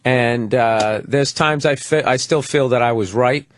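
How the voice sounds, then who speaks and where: A man's voice: mid-range voice, unhurried. A middle-aged man on a radio talk show, telling stories in a rambling way. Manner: storytelling, rambling with restarts. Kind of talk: casual radio talk chat.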